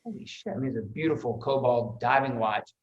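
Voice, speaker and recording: A male actor on a podcast spins stories from the set in a lively, unguarded manner, dropping curses and tripping over his own restarts. His voice sits at an ordinary middle pitch. The sound is a little dull and lo-fi. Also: fairly quick. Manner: lively storyteller, swears freely, repeats words while restarting. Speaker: actor guest. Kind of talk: animated anecdote telling.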